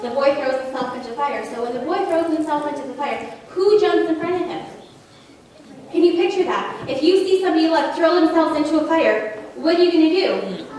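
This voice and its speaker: High-voiced woman preaching in an echoey church. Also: animated, a little fast, darkish tone. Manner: pleading, emotional, builds with repetition. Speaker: guest preacher. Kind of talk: sermon. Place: church sanctuary. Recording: echoey church hall from far off, congregation audible.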